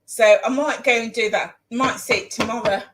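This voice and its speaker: A woman's voice: fairly high pitch, fairly even intonation, normal speed, background noise. A woman chatting casually in her home kitchen as she cooks, rambling and repeating phrases for emphasis. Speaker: vlogger. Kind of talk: casual chat while cooking.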